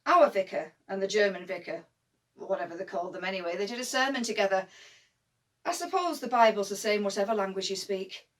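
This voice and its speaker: A woman's voice: medium pitch, lively intonation, a little fast, fairly bright tone, distant mic. A woman with a Northern English accent acting a young First World War nurse who talks in broad dialect, telling her story as a dramatic monologue. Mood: sombre. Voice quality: broad dialect speech, vivid and emphatic.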